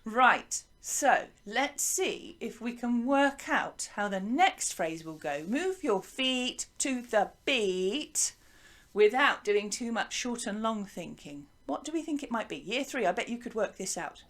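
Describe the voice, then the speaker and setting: A woman teaching a lively music lesson to young children, encouraging them and chanting rhythms for them to copy. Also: fairly high pitch, a little slow, few pauses. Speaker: primary school music teacher.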